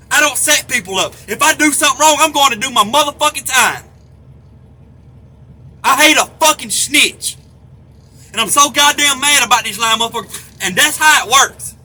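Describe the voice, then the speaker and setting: A man's voice: extremely high pitch, pushed and bright. A middle-aged man, ranting angrily and profanely to the camera. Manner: heated, profane, repetitive. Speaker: vlogger. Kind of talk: angry rant to camera. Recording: faint background noise.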